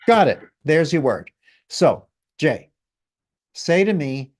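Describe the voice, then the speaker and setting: A man guiding someone through a feeling exercise in a calm, gently directive coaching way. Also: a little high, slow. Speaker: guest healer leading an exercise. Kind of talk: guided exercise in conversation.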